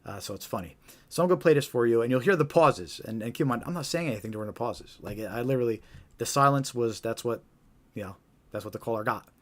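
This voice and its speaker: A man's voice: medium pitch, quick pace, a bit bright. A man hosting a live stream, talking casually and often asking "right?". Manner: casual, repetitive, tag questions. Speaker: host.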